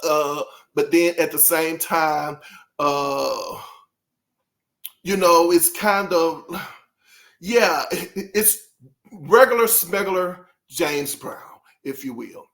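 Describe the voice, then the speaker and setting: Guy with a higher voice rambling thru an album review, keeps cracking up and saying sorry. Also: very slow, a bit bright. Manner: rambling, self-interrupting, laughs often and apologizes; talks straight to viewers. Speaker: music reviewer host.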